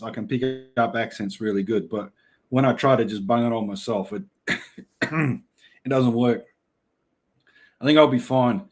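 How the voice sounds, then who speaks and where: Laid-back Australian bloke chatting live. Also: male voice, mid-range voice. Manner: laid-back, laughs often, blokey slang. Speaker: livestream host reading chat. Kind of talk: casual live chat.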